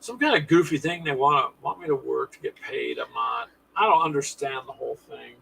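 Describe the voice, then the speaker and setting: Man, casual stream host, gravelly, bright, folksy, sarcastic asides. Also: fairly high pitch, sing-song, fairly quick, a little hiss or hum, rough recording. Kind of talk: casual chat with viewers.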